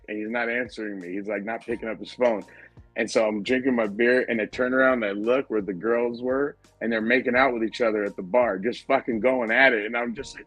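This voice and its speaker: A man's voice: on the low side, fairly even intonation, brisk, fairly bright tone, faint music behind. A man telling a rambling, profane story in casual podcast chat, acting out the lines of his friends. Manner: profane, rambling anecdote with quoted dialogue. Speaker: podcast host.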